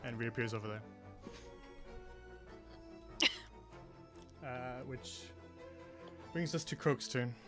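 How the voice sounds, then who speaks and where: A man's voice: medium pitch, slow, pauses often, music in the background. A man running a tabletop game as game master, talking with many ums and restarts. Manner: hesitant, many fillers and restarts.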